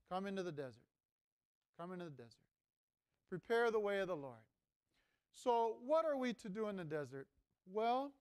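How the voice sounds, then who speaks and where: A man's voice: sits high, a little mellow, smooth. A man who is a priest, preaching a conversational homily with rhetorical questions, speaking. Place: seminary chapel.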